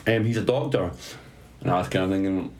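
A man's voice: deep voice, fairly quick, darkish tone. A man telling a story in a casual chat, swearing, laughing and mocking himself. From Scotland.

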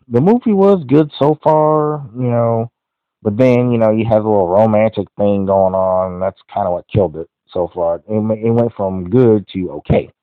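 A man's voice: lowish voice, no room sound. A man hosting a podcast, giving a casual, rambling movie review full of "you know" fillers. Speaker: podcast host. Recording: dry, phone-like audio.

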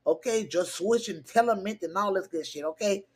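A woman's voice: mid-range voice, normal speed, a little mellow, breathy edge. A woman hosting a gossip podcast, reading out text messages with laughing, incredulous asides in casual commentary. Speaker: podcast host.

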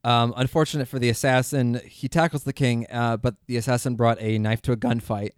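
Animated man in dry casual chat. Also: medium pitch, a little fast, clear, resonant tone, dry recording. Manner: animated, acts out scenes with quoted voices. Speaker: podcast co-host.

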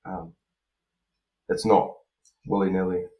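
A man chatting casually on a podcast, relaxed and rambling, with many fillers and restarts. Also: low-pitched, takes it slowly, dull audio. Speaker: podcast co-host, freestyle motocross rider. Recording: roomy echo.

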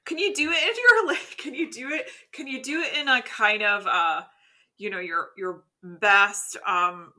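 A woman's voice: mid-range voice, measured pace, sharp tone. A Scottish woman co-hosting a podcast, chatting casually with plenty of fillers. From Scotland. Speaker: podcast co-host. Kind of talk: casual chat.

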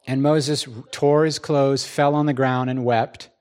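A man's voice: mid-range voice, little pitch movement, a little slow, hardly any pauses, a little mellow. A man preaching a sermon to a congregation in a conversational way, asking them questions and acting out the words of the people in his stories. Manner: conversational, asks the congregation questions, acts out quoted speech.

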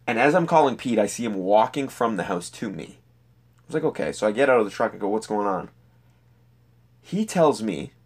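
A young man telling a personal story in a casual, profane, animated way. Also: lowish voice. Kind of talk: personal anecdote monologue.

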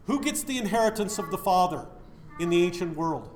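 High-voiced man preaching in an echoey room. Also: lively intonation, fairly quick, darkish tone. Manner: asks the listeners questions and answers them himself. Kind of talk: sermon.

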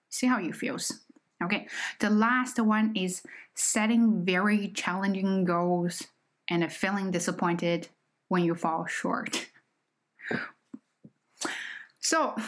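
A native Chinese speaker from China who teaches English hosts a casual solo podcast. She speaks with a Chinese accent at medium pitch, addressing her listeners in an earnest, reflective way.

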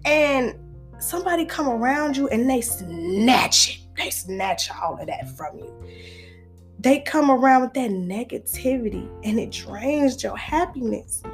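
Chatty woman vlogging, kinda high voice, faint guitar in back. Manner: chatty, playful, preachy. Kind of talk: casual chat to camera.

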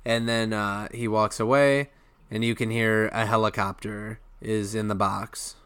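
Man, casual podcast talk, smooth voice, dry close mic, rambling recap. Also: on the low side, level tone, a little slow, a bit bright, no echo. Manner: rambling, laughs often, acts out lines. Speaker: podcast co-host. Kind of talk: casual chat recapping a cartoon.

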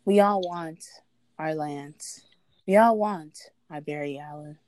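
A woman's voice: low-pitched, takes it slowly, darkish tone, no room sound. A young woman co-hosting a casual podcast, playful and teasing, laughing often as she talks. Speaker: podcast co-host. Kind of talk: casual chat.

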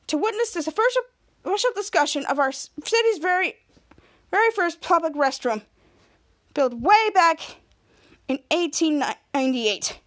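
A woman's voice: very high voice, expressive, normal speed, pauses often, fairly bright tone. A woman voicing a self-important male city official giving a public speech. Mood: announcing.

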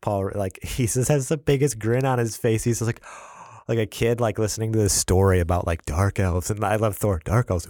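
Male podcast co-host, lowish voice, animated storyteller, dry studio sound. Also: dry recording. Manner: animated storyteller, acts out scenes with quick asides. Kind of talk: casual chat.

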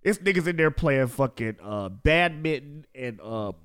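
A man's voice: medium pitch, expressive, moderate pace, a bit bright, smooth. A young man from Chicago trash-talking in casual podcast banter, boastful and heated, repeating himself.

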